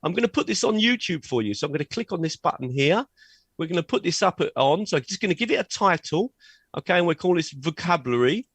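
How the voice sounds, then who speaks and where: A man leading a live online teaching workshop and demonstrating software on a video call, checking in with "okay?" as he goes. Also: a little high, fast, slightly rough, no echo. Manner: energetic, frequent "okay?" check-ins. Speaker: teacher trainer. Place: at a computer sharing his screen.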